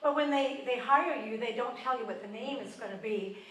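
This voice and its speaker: A woman's voice: fairly high pitch, brisk, fairly bright tone, recorded from a distance. An older Canadian woman doing a self-deprecating stand-up routine on a theatre stage, chatting with the crowd. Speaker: stand-up comedian. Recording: roomy live venue mic, audience ambience.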